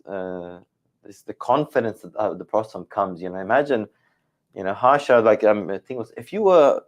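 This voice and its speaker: Male Quran teacher, lowish voice, musing and self-correcting in a study discussion. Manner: thinking aloud, hedging and self-correcting.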